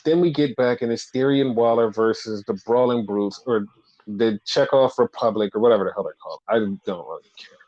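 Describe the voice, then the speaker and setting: A man co-hosting a casual podcast, animated and profane, acting out quoted voices as he retells stories. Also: mid-range voice, brisk. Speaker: podcast co-host. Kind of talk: casual wrestling podcast chat. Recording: muffled lo-fi audio.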